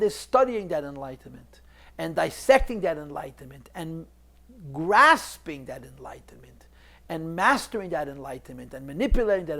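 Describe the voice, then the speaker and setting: A man teaching a recorded class on a Chassidic text, explaining step by step, repeating key phrases and mixing Hebrew and Yiddish terms into his English. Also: sits high. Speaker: Torah teacher.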